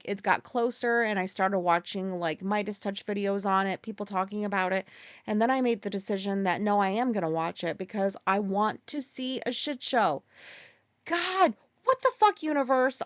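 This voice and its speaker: A woman's voice: medium pitch, no room sound. Woman host, solo podcast rant, exasperated and profane, dry close sound.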